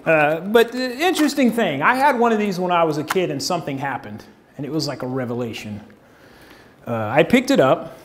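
A man preaching a conversational sermon, acting out quoted voices as he goes. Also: high voice.

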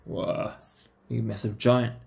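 Slow and gravelly, this man's fairly low voice has a darkish tone and a flat delivery. He's a vlogger opening trading card packs, talking easily to himself in a chatty way.

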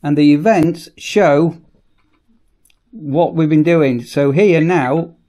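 A man giving a casual, chatty product demonstration in a workshop, often repeating "as I say" and pausing on ums. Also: on the high side, dark tone. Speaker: product reviewer.

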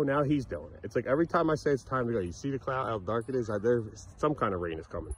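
A father films a vlog on a handheld phone at an outdoor playground, sternly scolding his kids and muttering exasperated asides to the camera. His husky voice sits at medium pitch with lively intonation, and he talks fast with hardly any pauses.

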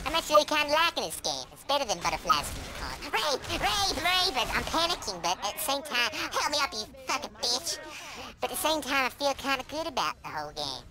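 A squeaky hyper young boy. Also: sing-song, brisk, rough recording. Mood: giddy. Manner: frantic shrieking, sudden swings to low mutters. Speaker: gamer. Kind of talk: comedic let's-play commentary.

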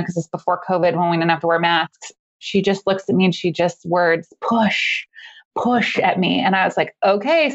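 A woman telling a personal story as a podcast guest, in a casual, animated way, laughing often as she talks. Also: medium pitch, lo-fi sound.

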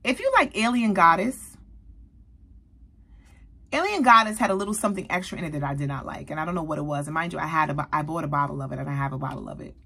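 Chatty, bright-voiced woman vlogger. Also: sits low, fast, vocal fry, husky. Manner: animated, chatty, addresses viewers as y'all. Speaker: beauty vlogger. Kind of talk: casual product review.

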